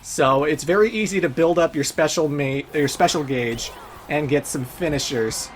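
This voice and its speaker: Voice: mid-range voice, moderate pace, faint music behind. A let's play host giving casual, chatty gameplay commentary, laughing often and swearing now and then.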